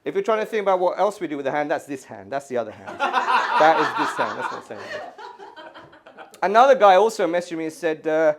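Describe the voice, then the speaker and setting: Middle-aged stand-up: exasperated, sweary, with a very animated pitch. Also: male voice, quick pace. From England. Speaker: stand-up comedian. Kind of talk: stand-up comedy set. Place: art gallery stage, live audience.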